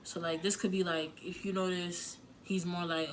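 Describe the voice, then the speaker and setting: A woman's voice: lowish voice, level tone, normal speed, slight background noise. A woman giving frank relationship advice in a casual vlog, talking candidly with plenty of filler words and some swearing. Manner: emotional, close to tears at times.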